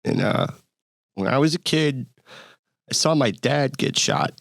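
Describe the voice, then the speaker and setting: A man's voice: medium pitch, animated, unhurried, creaky, dry recording, studio quality. A man playing his character in a tabletop game, earnest and swearing often, breaking into laughs. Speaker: player. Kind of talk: tabletop role-play in character.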